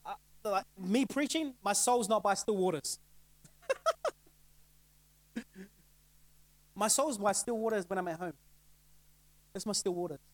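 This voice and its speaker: A man's voice: high voice, dry recording, rough recording. A middle-aged male pastor giving a casual sermon, conversational and laughing often, asking the crowd rhetorical questions. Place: church.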